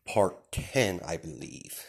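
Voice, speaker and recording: A man's voice: sits low, lively intonation, drawn-out words, gravelly. A man casually improvising a fan story, rambling with lots of fillers and frequent chuckles.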